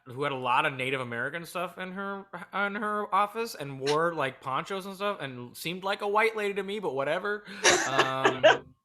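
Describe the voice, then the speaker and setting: A man in his thirties tells a story from his own life in a relaxed interview. His voice is bright and forward, and his delivery is candid and loose, dropping low and quiet at times and then rising to laugh. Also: normal speed. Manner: candid, drifting between laughing and subdued. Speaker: comedian guest.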